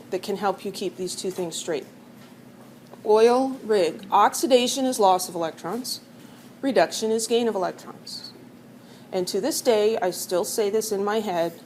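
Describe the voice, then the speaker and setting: A middle-aged woman gives a chemistry lecture in a chatty, joking way, dropping "um" and "right?" as she goes. Her voice sits at an ordinary middle pitch. A faint hiss of noise runs under the recording. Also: darkish tone. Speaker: chemistry teacher.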